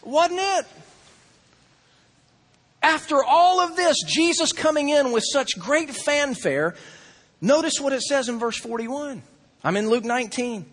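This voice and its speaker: A man delivers a lively sermon in a high-pitched, husky voice. He acts out the voices of a crowd and swings from loud excitement to hushed intensity. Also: normal speed. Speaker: pastor.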